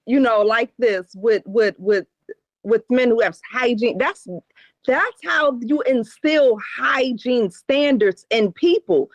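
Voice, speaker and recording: A woman's voice: sits high, no room sound, muffled recording. A woman co-hosting a podcast, talking bluntly and emphatically in casual chat with a lot of cursing. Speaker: podcast co-host.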